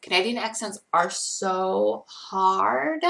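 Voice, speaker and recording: A woman's voice: medium pitch, a little slow, creaky, a bit bright. A tired young woman chatting casually on a live stream, rambling and self-deprecating as she reads chat aloud.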